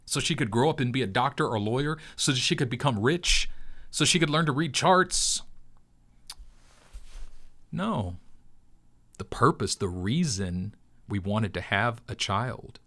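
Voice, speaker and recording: A man's voice: medium pitch, expressive, fairly bright tone. Earnest man telling a heartfelt story. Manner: earnest, preacher-like storytelling with long pauses. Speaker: crypto video host. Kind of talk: heartfelt personal talk.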